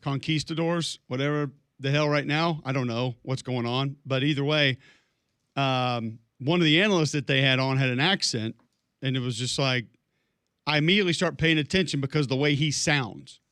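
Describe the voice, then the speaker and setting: A man's voice: medium pitch, normal speed, fairly bright tone, clear, resonant tone, no room sound, clean studio sound. Rambling male sports radio host. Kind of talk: casual morning radio chat. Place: radio studio.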